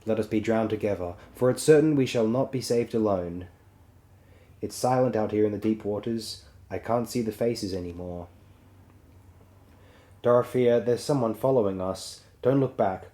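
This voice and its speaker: A man giving a measured, solemn dramatic reading of a story, as an audiobook. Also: fairly low pitch, dark tone. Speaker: audiobook reader. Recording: roomy echo.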